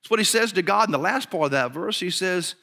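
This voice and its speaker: Preacher, male, high bright voice, emphatic delivery, heard in a reverberant hall. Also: lively intonation, fast, gravelly. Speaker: pastor. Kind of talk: sermon.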